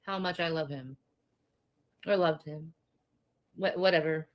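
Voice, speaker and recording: A tired woman livestreamer talking softly and rambling on. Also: low-pitched, measured pace, muffled recording, very noisy. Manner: soft, weary, rambling. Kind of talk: casual livestream talk.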